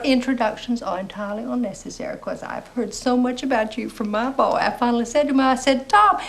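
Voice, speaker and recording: A woman's voice: on the high side, rough recording. A gushing Southern mother. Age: middle-aged.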